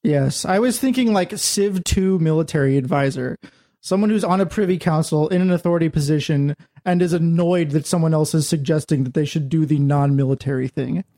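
A man's voice: fairly high pitch, brisk, warm tone. A laid-back man chatting casually as a podcast guest. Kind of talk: casual chat.

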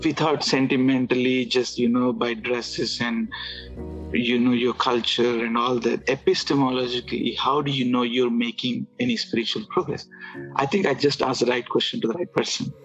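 A man's voice: medium pitch, fairly even intonation, fairly bright tone, soft background music. Man telling a story in lo-fi audio. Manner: halting, with restarts and filler words. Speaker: guest telling his conversion story. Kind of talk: casual storytelling.

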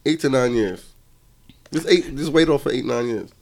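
A man's voice: medium pitch, expressive, normal speed, vocal fry, slight background noise. A man co-hosting a casual podcast chat, teasing and hyping the others and repeating his punchlines. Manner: hypes and teases, repeats punchlines. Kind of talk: casual banter.

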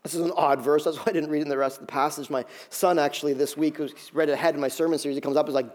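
A middle-aged male pastor giving an animated sermon, acting out scenes with quick voices. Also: fairly high pitch.

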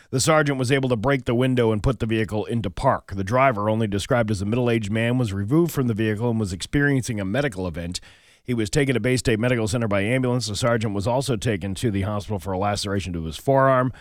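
A man's voice: mid-range voice, no echo, clean studio sound. A man hosting a morning radio show, telling jokes and reading local news, often restarting his sentences. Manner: joke-telling, hesitant with restarts. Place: radio studio.

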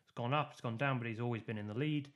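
A man with a mid-range voice speaks quickly as a podcast co-host, explaining voting and polls. His casual political chat rambles, full of fillers and restarts.

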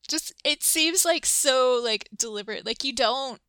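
A woman from Tennessee co-hosting a podcast, talking in an animated way full of "like". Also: high-pitched, unhurried, smooth, dry recording. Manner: animated, lots of "like". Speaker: podcast co-host. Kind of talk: casual podcast chat.

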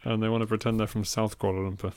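A man's voice: on the low side, little pitch movement, fast talker, a little mellow, smooth, dry recording. Chatty Englishman, dry close mic. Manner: chatty, amused, trails off and restarts. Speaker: podcast co-host. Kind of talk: casual film chat.

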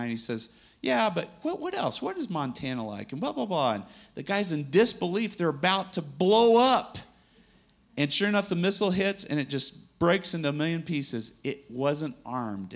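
A man's voice: mid-range voice, a bit bright. A man preaching a sermon in an earnest, conversational way, laughing now and then between points.

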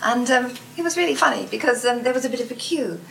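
Older actress, chatty anecdotes, higher voice, echoey hall, distant mic. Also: female voice, lively intonation, fast, creaky. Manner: chatty, laughs often, acts out quoted voices. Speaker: guest actress. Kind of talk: anecdotal stage talk. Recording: roomy hall, distant mic, faint noise.

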